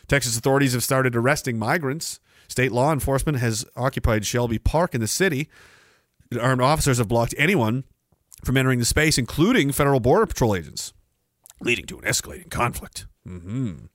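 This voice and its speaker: A man from Canada hosts a livestream where he reads viewer comments and rants about the news, sarcastic and liberally profane. The recording is dry and studio-clean; his mid-range voice is fairly bright, fairly quick and lively in intonation.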